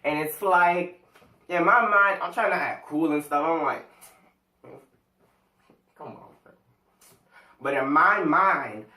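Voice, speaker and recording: A man's voice: a little high, unhurried, bright, forceful tone, roomy sound, recorded from a distance. A teenage guy telling a school story in a casual storytime vlog, rambling, slangy and full of fillers. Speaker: vlogger.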